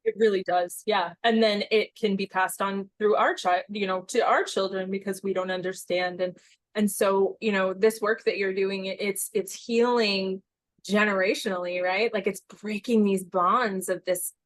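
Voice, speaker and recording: A woman in her forties hosting a podcast, talking in a rambling, animated way with quick asides. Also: mid-range voice. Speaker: podcast host. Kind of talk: casual conversational podcast chat.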